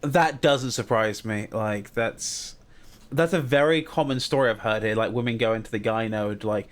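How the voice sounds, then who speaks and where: A man's voice: on the low side, normal speed. A man co-hosting a casual podcast, wry and matter-of-fact. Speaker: podcast co-host. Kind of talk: casual chat.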